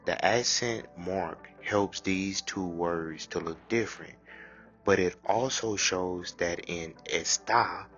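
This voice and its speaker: Slow, husky deep-voiced male teacher. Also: a bit bright, muffled recording, soft background music. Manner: slow, deliberate drilling with pauses. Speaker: language teacher. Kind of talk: slow drilled language lesson.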